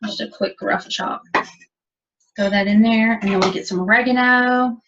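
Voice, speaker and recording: A woman's voice: fairly high pitch, fairly even intonation, normal speed, noisy background. A woman teaching a cooking demonstration, chatty and explaining step by step. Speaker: cooking instructor. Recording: dull lo-fi audio from a distance.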